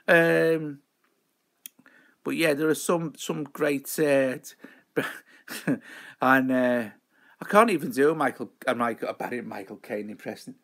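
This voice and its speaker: A man hosting a live stream in a loose, rambling chat. He pokes fun at himself as he wanders from topic to topic. His voice sits a little high for a man. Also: animated, normal speed, a bit bright. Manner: rambling, chatty, self-mocking. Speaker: host of a live show.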